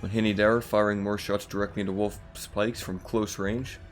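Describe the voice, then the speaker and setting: A man with a slightly rough morning voice, casually commenting on a strategy game as the channel host, relaxed and rambling with fillers. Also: lowish voice, a little fast, faint music behind.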